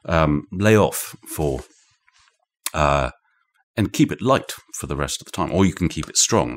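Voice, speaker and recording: Deep-voiced British man explaining. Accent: British English. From Britain. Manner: thoughtful, digressive, frequent restarts. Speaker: author and interview guest. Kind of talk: conversational explanation. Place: indoor room shared with the host.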